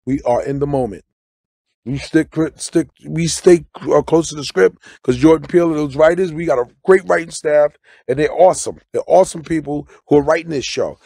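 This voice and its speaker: A middle-aged man riffs in a relaxed, preachy way, breaking into sudden loud bursts. His voice sits a bit high for a man, with a gravelly, husky rasp. The studio sound is close and dry. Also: fairly quick, no echo. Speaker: guest comedian and actor. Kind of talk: casual interview talk. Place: radio studio.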